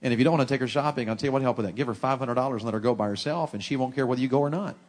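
A middle-aged man, preaching a sermon with folksy, animated humor. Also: mid-range voice, racing.

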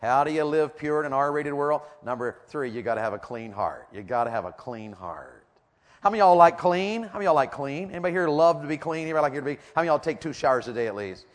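A man's voice: a little high, animated, very fast, hardly any pauses, big-room sound. A middle-aged man preaching a sermon in a church auditorium, drawing the congregation in with rhetorical questions and call-and-response.

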